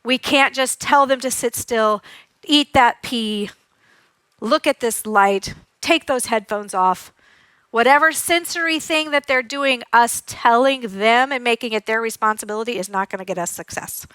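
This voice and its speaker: A woman occupational therapist giving a lively, demonstrative conference talk, acting out sounds and giggling as she teaches. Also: fairly high pitch, normal speed, dry recording. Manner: giggles often while teaching. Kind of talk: live conference presentation.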